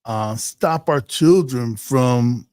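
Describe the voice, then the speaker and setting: A man's voice: medium pitch, extremely slow, a little mellow, no echo. Host, male, easygoing livestream chat, loose and rambling, dry close sound. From Ohio. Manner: loose and joking, many fillers and restarts. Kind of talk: casual livestream chat, reading viewer comments.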